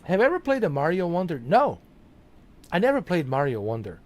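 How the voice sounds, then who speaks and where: A man's voice: on the high side, huge pitch swings, a little fast. A man streaming a video game, chatting casually and joking with his viewers, laughing often. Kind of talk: casual live-stream commentary.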